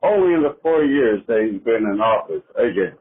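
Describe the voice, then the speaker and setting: A man's voice: mid-range voice, big pitch swings, brisk, breathy edge. A male caller ranting combatively about politics. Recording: tinny phone line.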